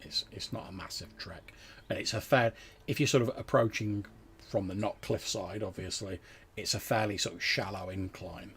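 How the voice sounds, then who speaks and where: Acting as game master for a tabletop game, a man describes scenes in a rambling way packed with fillers. His voice sits on the low side with a steady, fairly bright tone and a moderate pace, and there is slight background noise.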